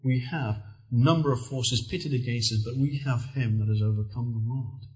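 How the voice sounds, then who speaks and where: A middle-aged man delivers a sermon in an earnest storytelling manner. His voice sits at an ordinary middle pitch, and he leans into lively emphasis as he preaches. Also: moderate pace, poor audio.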